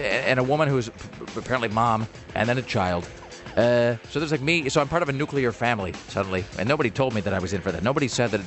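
A man casually telling a long story on a podcast, rambling with lots of fillers and restarts. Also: mid-range voice.

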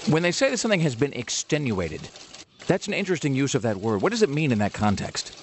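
A man hosting a radio talk show, joking in quick, wry banter. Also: mid-range voice, sing-song, a little hiss or hum. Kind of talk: casual comedic banter.

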